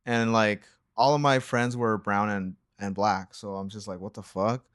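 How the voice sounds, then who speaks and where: A man's voice: on the low side, steady tone, normal speed, a bit bright, clear, resonant tone, no room sound, studio quality. A young man co-hosting a reaction channel, telling a story in a laid-back, rambling way full of slang and fillers. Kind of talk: casual storytelling chat.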